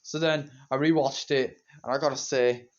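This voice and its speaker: A man's voice: medium pitch, fairly even intonation, moderate pace. A teenage boy, reviewing a movie in rambling, repetitive fan talk. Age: teens. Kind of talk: casual solo movie review. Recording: dull lo-fi home recording.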